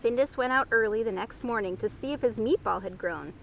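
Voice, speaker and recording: Youth librarian reading a picture book to kids, high-pitched, outdoors with faint noise. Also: female voice, fairly quick, gravelly, poor audio. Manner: expressive storytime reading. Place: outdoor garden.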